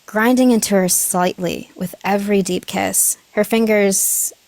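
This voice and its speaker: A woman's voice: mid-range voice, fairly even intonation, a little slow, darkish tone, no echo. A woman streamer reading a story aloud on a live stream, giggling and correcting herself as she goes.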